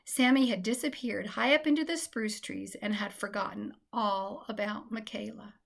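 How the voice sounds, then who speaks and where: A woman reading a children's storybook aloud in a gentle, expressive way. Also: medium pitch, normal speed, creaky.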